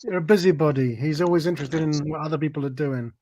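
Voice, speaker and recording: A man's voice: a little high, fast talker, a crowd in the background. A man in casual chat on a live stream, chatty and teasing.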